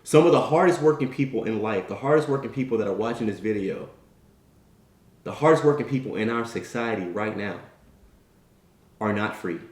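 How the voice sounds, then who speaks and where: Animated male motivational storyteller. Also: lowish voice, brisk, long pauses, reverberant. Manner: animated storyteller acting out quoted characters; conversational, repeats "right?" and "you know". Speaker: motivational speaker.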